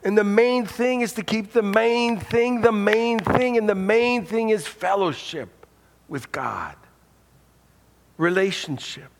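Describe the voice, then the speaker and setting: A man's voice: high voice, animated, slow pace, slight background noise. A man preaching a sermon as pastor, earnest and conversational, often repeating words as he starts a phrase. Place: church hall. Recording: reverberant hall.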